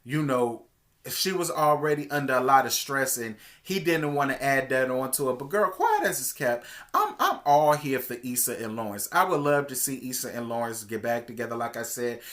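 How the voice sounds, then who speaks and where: A man giving a casual, sassy TV episode recap, chatty and expressive, calling his viewers "girl.". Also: medium pitch, normal speed. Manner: expressive, swings between hushed asides and loud exclamations. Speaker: TV show reviewer.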